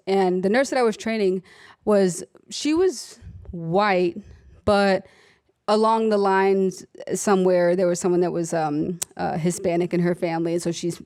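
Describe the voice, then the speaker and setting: A young adult woman, an emergency room nurse and author, telling stories from her work in a conversational talk, acting out the people in them. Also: fairly low pitch. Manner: animated storytelling, voices her patients, laughs often.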